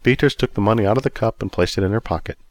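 A man's voice: fairly low pitch, rapid-fire, no room sound. A man narrating a story expressively and acting out each character in turn. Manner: expressive, acts out every character.

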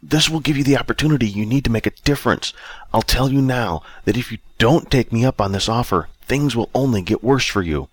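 A man's voice: medium pitch, a little fast, no echo, pitched above the performer's own voice, natural voice. A man reading an audiobook, voicing an impatient older man who sighs a lot and turns out to be the narrator's future self. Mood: earnest. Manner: sighing, impatient.

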